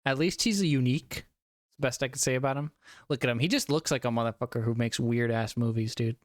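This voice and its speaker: A man's voice: mid-range voice, fast, no room sound, studio quality. A young man streaming a casual movie review, a little tipsy from drinking, rambling and swearing with frequent laughs. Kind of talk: casual live-stream chat.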